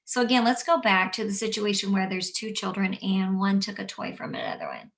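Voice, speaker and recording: A woman who teaches young children, explaining calmly and gently and acting out what she says to kids. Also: medium pitch, brisk, vocal fry, distant mic. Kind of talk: instructional talk. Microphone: camera mic at a distance.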